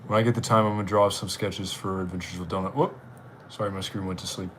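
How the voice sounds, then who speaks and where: Casual male streamer, mid-pitched and rambling, with a faint hiss in the background. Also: steady tone, fast, a bit bright. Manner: rambling, chatty. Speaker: livestream host. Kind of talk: casual live-stream chat.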